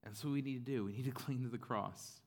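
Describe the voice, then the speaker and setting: A male pastor preaching in a relaxed, chatty way, full of "like" and "you know." His pitch sits in an ordinary middle range, neither deep nor high. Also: fast. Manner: casual, conversational preaching with fillers and playful acted-out voices. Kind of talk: sermon.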